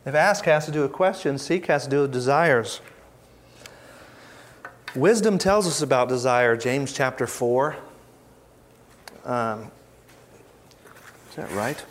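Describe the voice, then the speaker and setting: A man giving an informal Bible teaching, conversational and reflective, with pauses and restarts as he reads verses aloud. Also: mid-range voice, slight background noise. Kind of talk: informal teaching talk with scripture readings.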